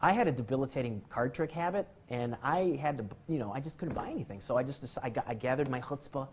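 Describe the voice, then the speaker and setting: A man's voice: medium pitch, fast talker, a little hiss or hum. Rambling, jokey man lecturing on magic. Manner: self-deprecating, jokey, often restarts sentences. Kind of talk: rambling comic storytelling and demonstration.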